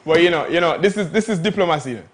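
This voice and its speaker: A man co-hosting a morning entertainment show, his voice sitting a little high for a man. He chats playfully about celebrity news, stretching words for emphasis and laughing often. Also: expressive, very fast, a crowd in the background. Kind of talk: casual entertainment chat.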